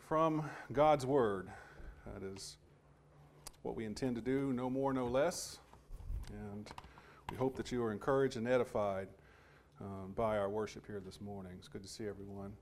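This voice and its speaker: A man delivers a Sunday sermon at a mid-range pitch. He talks in a measured, halting way, often restarting phrases, and reads scripture passages aloud. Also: slight background noise. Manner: measured, with frequent restarts and pauses. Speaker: preacher.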